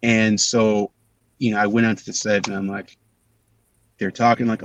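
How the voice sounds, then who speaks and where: A man's voice: fairly low pitch, moderate pace, long pauses, distant mic, muffled recording, slight background noise. A man telling stories in a casual interview, acting out the voices of the people he quotes. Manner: animated, acts out quoted voices. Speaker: actor guest.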